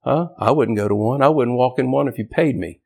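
Brisk and gravelly, with a husky mid-range voice, a man preaches with passion and emphasis, repeating his points and rising nearly to a shout on the most important ones.

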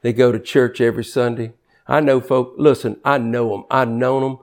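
A man preaches a sermon in a lively, conversational manner, reading scripture aloud quickly and jumping sharply in pitch for emphasis.

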